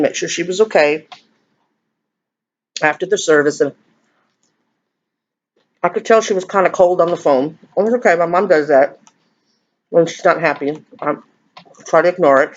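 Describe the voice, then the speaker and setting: A woman's voice: deep voice, normal speed, pauses often, highs cut off. Confiding woman in her fifties. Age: 50s. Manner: confiding, emotional, rambling. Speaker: vlogger. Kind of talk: casual chat while eating.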